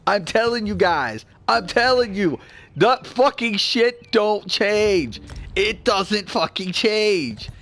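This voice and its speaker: A man in his forties hosting a gaming channel, ranting bluntly and swearing freely, swinging between low grumbling and loud excitement. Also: takes it slowly. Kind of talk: casual gameplay rant.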